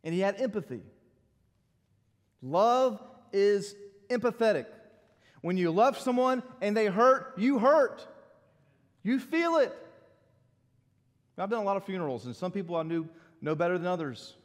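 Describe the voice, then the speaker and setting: A middle-aged man, a pastor preaching a sermon in an animated, conversational way with asides. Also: high-pitched, moderate pace, big-room sound.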